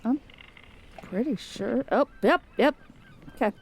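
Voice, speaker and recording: A woman's voice: fairly high pitch, expressive, unhurried, husky. A woman playing in a tabletop game, talking casually and laughing often. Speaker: player.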